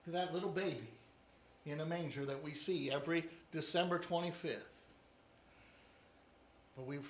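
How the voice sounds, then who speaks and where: A pastor delivers a sermon, leaning on emphatic repetition of key phrases. His voice sits high and sounds bright and forceful, with a roomy echo around it. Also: slight background noise. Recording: echoey room.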